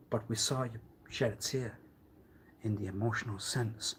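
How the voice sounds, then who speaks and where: On a livestream, a man rambles through a theatrical monologue packed with rhetorical questions and menacing threats, shifting from hushed mutters to loud outbursts. His voice is medium-pitched, fairly quick, and slightly rough.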